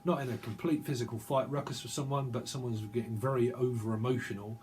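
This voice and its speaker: A man's voice: medium pitch, fairly even intonation, fast, a little mellow, slight background noise. A man giving a channelled tarot reading, rambling and repeating words over and over in long chanted strings. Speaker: tarot reader.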